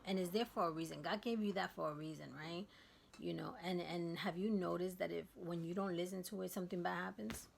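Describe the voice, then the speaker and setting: A woman vlogger with a lowish, gravelly voice tells a personal story in a candid, casual way. She is emphatic and lowers to a hush at the tense parts. A faint hiss sits under the voice. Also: fairly even intonation, a little fast.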